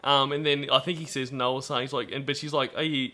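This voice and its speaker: Bright-voiced man hosting casual chat. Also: mid-range voice, steady tone, fast. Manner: laughs often, quotes callers in put-on voices. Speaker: podcast host.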